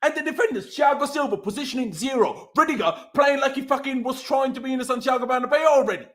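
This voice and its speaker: A man's voice: very high-pitched, quick pace, fairly bright tone. A man hosting a football fan channel, delivering a furious, swearing post-match rant over a call.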